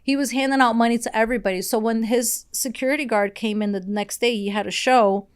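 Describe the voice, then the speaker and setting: A woman's voice: on the high side, steady tone, brisk, clean tone. Woman from brazil on a podcast, chatty and blunt, rambles w lots of "like", swears freely. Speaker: podcast guest. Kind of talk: casual interview storytelling.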